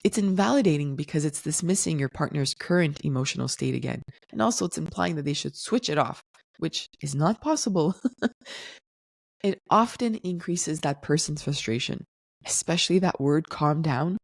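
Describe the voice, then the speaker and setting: A woman hosting a solo podcast, explaining things in a calm, teaching tone. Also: sits low, normal speed, creaky, no echo, studio quality. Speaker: podcast host.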